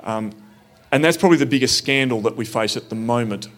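A man with an ordinary middle pitch tells his own story in a plain, earnest manner. He comes across as reflective and conversational, pausing easily instead of sounding polished, in the style of personal storytelling.

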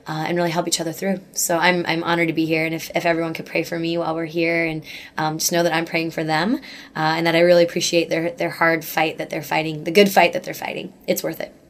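Earnest chatty woman, soft and low. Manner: earnest, gushing, many likes and restarts. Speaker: guest speaker. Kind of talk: casual interview talk about faith.

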